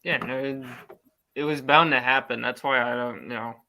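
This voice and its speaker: Flat-voiced, bright young New York man. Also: medium pitch, moderate pace, vocal fry. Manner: flat, resigned remarks. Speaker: livestream co-host. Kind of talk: casual sports chat.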